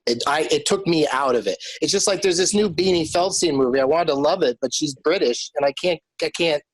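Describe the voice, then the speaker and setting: A man's voice: a little high, fairly quick, dry recording. A man hosting a comedy game podcast, chatting in a rambling way and laughing easily. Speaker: podcast host.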